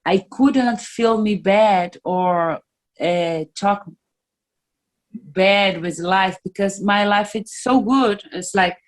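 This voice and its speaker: A medium-pitched woman, interviewed casually about her life as a musician, speaks with slow hesitation. Portuguese is her mother tongue, and she openly feels her way toward English words.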